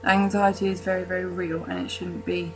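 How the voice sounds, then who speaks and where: A woman's voice: on the low side, flat delivery, brisk, music in the background, low-quality recording. A young woman from the UK talking casually to camera in her vlog, rambling with fillers and restarts and self-mocking jokes. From United Kingdom. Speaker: vlogger.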